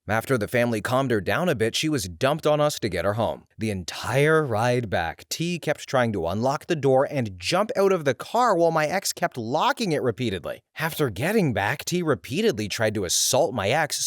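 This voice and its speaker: A man narrating scripted stories in an expressive, animated way. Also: medium pitch, dry recording, clean studio sound. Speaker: story reader.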